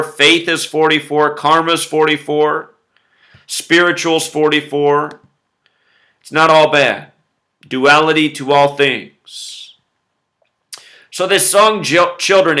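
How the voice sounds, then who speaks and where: A man talks on his own to his viewers in a bright, forward voice that sits a little high. He muses aloud, drifts into asides, and keeps coming back to the same numbers to stress them. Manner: conversational, musing asides, repeats numbers for emphasis. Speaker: video host. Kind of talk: solo conspiracy commentary video.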